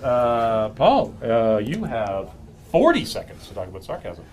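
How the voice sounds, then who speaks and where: A man's voice: medium pitch, big pitch swings, unhurried, a little mellow. A man hosting a comedy panel game, laughing and bantering with the players. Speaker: game show host.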